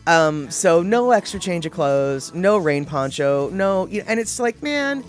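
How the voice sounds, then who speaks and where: Lively chatty woman host. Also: fairly low pitch, measured pace, faint music behind. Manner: chatty, self-deprecating, opinionated. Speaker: live show host answering viewer comments. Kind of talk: casual chat.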